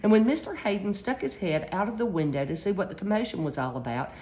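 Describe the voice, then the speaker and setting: A woman reading a children's picture book aloud as a storyteller, animated, acting out the characters' shrieks and shouts. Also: medium pitch, fast, low-quality recording.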